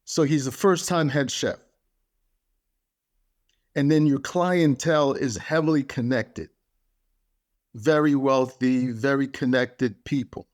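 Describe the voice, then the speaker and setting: A man talks through a motivational podcast monologue at a middling pitch, neither high nor low. He speaks emphatically and keeps hammering his points home by repeating phrases. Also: slow, long pauses.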